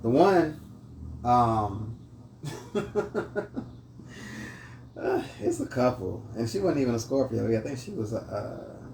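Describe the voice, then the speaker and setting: A man's voice: medium pitch, sing-song, slow pace, vocal fry, long pauses, darkish tone. A man hosting a casual chat over drinks, laid-back and rambling. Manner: laid-back, storytelling with many restarts. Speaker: host. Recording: echoey room, voice from mic distance, faint noise.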